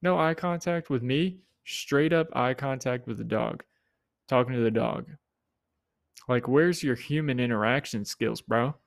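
A man's voice: a little slow, gravelly, no room sound. Casual young man hosting a podcast, dry. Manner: rambling, swears casually, mimics people in high voices. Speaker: podcast host. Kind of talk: casual solo podcast monologue.

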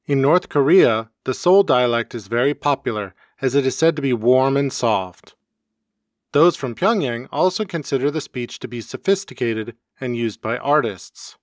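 A man narrating a scripted educational podcast in an even, read-aloud manner. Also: medium pitch, normal speed, no room sound, clean studio sound. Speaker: podcast host. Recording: homemade podcast recording.

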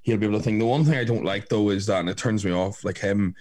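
A fast-talking man in relaxed podcast chat. He rambles through frank anecdotes, full of likes and restarts. His voice sits on the lower side. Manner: rambling, frank storytelling with many fillers. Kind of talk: casual chat.

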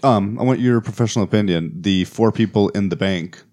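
A man's voice: on the low side, fairly quick, darkish tone. A man co-hosting a comics podcast in casual chat, eager, with stumbling restarts. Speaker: podcast co-host.

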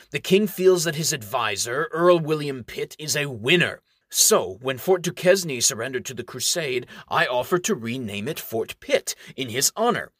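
A man's voice: medium pitch, a bit bright, slightly rough, no echo. Smug scheming baron read by a man, lecturing tone, dry close sound. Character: scheming gloating ambitious male baron, middle-aged. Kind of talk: audiobook character reading.

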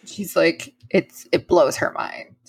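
A woman's voice: lowish voice, slow, gravelly, slight background noise. A woman co-hosting a podcast in casual chat, giggly and gushing, swearing playfully. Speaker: podcast co-host.

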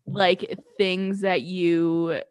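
A woman's voice: on the low side, flat delivery, very slow, smooth, no room sound, clean studio sound. A young woman hosting a podcast, chatting casually, saying "like" a lot and laughing often. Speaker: podcast host. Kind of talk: casual chat.

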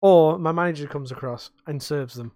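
A man's voice: a little high, normal speed, a little mellow, no room sound, studio quality. A young man co-hosting a podcast, ranting and swearing in casual chat about life as a bartender. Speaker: podcast co-host.

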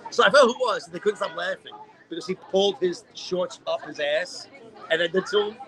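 A high-pitched man spins a story in loose podcast banter. He is animated and foul-mouthed, jumping into quick impressions of the people in it. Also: rough recording. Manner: animated, profane storytelling with acted-out quotes. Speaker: podcast co-host. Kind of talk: casual storytelling chat.

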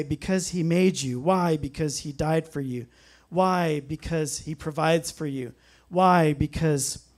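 A man's voice: a little high, dark tone. A man preaching a sermon, telling a personal story in an earnest way and breaking into frequent amens. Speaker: pastor.

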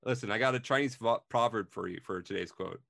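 A man's voice: on the low side, fast, vocal fry, fairly bright tone, no echo, studio quality. Upbeat jokey male podcast host. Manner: upbeat and jokey, laughs often. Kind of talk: casual podcast chat.

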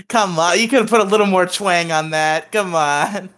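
A man's voice: sits high, a little slow, a bit bright, soft background music. A man hosting a podcast in casual chat, upbeat and joking, laughing often. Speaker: podcast host.

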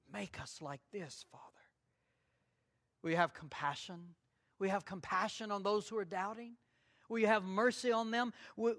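A man's voice: high voice, a bit bright. A man preaching a sermon in an earnest way, repeating key phrases for emphasis.

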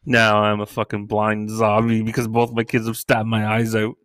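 A middle-aged Canadian stand-up comedian tells crude, joking stories casually, drawing on his kids and everyday mishaps. His delivery is completely flat at normal speed with a clean tone and no room sound, though he acts out quoted lines in a high, shouting voice.

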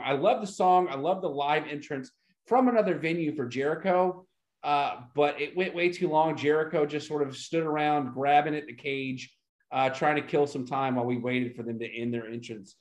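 Here a male co-host with a higher-pitched voice goes over a past wrestling show at a normal speed. The conversation is easygoing and excited, a casual review among podcast hosts.

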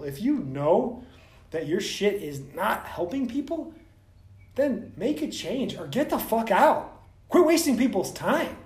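A man hosting a vlog, ranting bluntly and profanely straight to the camera as a soft tissue clinician. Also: sits high, reverberant.

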